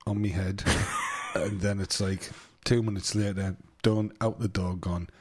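A man teases his friend in loose comedic banter, his voice very low and husky. He rambles, restarts and slips into mock dialogues. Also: steady tone, unhurried.

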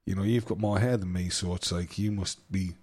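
Man, very deep voice, husky, teasing comedic banter, rambling restarts. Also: fairly even intonation, brisk, darkish tone. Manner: teasing, acts out mock dialogues, rambling restarts.

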